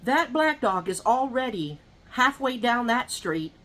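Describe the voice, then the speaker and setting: A woman's voice: on the high side, big pitch swings, measured pace, fairly bright tone. Chatty woman telling rambling stories. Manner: rambling, gossipy storytelling with lots of asides; talks to viewers directly. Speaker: mukbang vlogger. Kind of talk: casual chat while eating.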